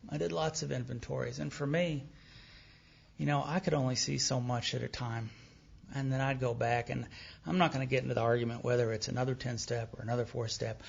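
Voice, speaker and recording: Male speaker, candid self-deprecating storyteller who acts out dialogue, husky voice, dull lo-fi live tape. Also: mid-range voice, brisk. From Texas. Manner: animated storytelling, acting out remembered dialogue. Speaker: recovery meeting speaker. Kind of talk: personal story shared at a recovery meeting.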